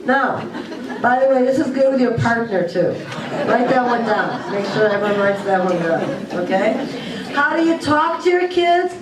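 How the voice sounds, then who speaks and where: Earnest woman presenter, distant and echoey. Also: sits high. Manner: earnest, warm-hearted advice with tag questions. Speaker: parenting presenter. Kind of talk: presentation to parents. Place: school room, recorded from afar. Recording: echoey room, distant mic.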